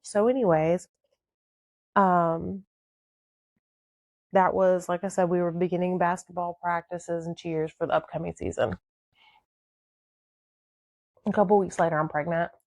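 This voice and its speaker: A woman's voice: fairly low pitch, steady tone, measured pace, long pauses, a little mellow, dry recording. A young woman casually telling her own life story, candid and rambling, with many fillers. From southern United States.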